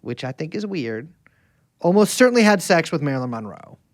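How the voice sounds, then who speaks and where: A man's voice: a little high, sing-song, fairly quick, no echo, studio quality. A man co-hosting a podcast, rambling and joking in casual banter with many restarts. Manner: rambling, jokey, frequent restarts. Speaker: podcast co-host.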